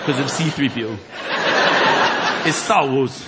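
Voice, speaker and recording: Stand-up guy hosting, high-pitched and animated, loud audience noise all over. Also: unhurried, long pauses. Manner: animated, acting out voices with shouts. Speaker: comedy show host. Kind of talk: stand-up comedy routine. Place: large theatre with live audience. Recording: loud crowd laughter and noise.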